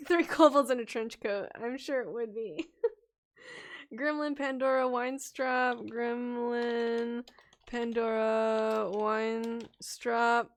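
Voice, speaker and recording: A woman's voice: a little high, fairly even intonation, takes it slowly. A woman hosting a casual livestream and reading viewer names aloud from chat. She giggles often, gets distracted and stumbles over names as she scrolls. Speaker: livestream host and storytelling bard.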